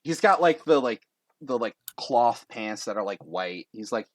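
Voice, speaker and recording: A man running a tabletop game, narrating casually with plenty of fillers. His voice is mid-pitched and lively in its ups and downs, and the recording is close and dry with no room sound. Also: unhurried, no room sound. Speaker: game master.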